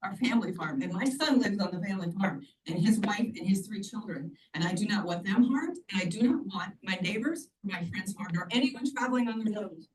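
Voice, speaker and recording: A woman's voice: mid-range voice, expressive, a little fast, hardly any pauses. A woman in her sixties giving earnest, pleading public testimony at a county hearing. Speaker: public commenter. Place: county meeting room. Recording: distant mic, faint background noise.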